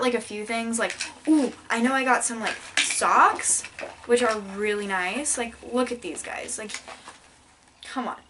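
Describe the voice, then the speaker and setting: A young woman talks to her camera at home in a slightly high voice, rambling from story to story with a deadpan tone. Her casual haul chat is packed with "like" and "um", and a faint hiss sits under the recording. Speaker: vlogger. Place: indoors at home in front of a backdrop.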